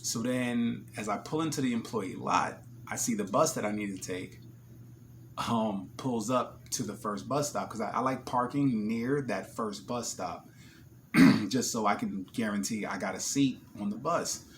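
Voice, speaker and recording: A man with a New Jersey accent tells an animated, profane story in a casual vlog and acts out the scenes. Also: on the low side, a little slow, slight background noise. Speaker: vlogger.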